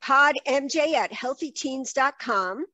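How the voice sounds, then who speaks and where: A woman hosts an interview over a video call and responds to her guest with effusive encouragement. Her voice sits high and swings widely in pitch, and the sound is dry. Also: animated, takes it slowly, bright, forceful tone, no echo. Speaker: host.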